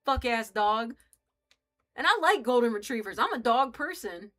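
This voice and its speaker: A woman's voice: fairly high pitch, animated, moderate pace, sharp tone, soft background music. A young woman streaming a game, rambling casually, joking and swearing as she chats with her viewers. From United States. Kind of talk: casual live-stream chat while playing.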